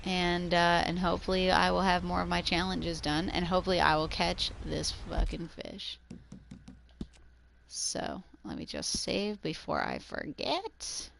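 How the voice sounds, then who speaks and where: A woman's voice: fairly low pitch, animated, measured pace, gravelly, fairly bright tone, a little hiss or hum. A woman chatting casually on a gaming livestream, rambling, swearing freely and laughing often.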